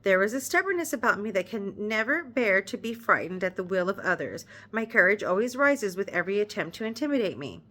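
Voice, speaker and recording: A bright-spirited young lady of the gentry, arch and teasing, voiced by a woman reading a classic novel aloud. She speaks in a light, slightly raised, playful tone. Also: medium pitch, big pitch swings, brisk, few pauses.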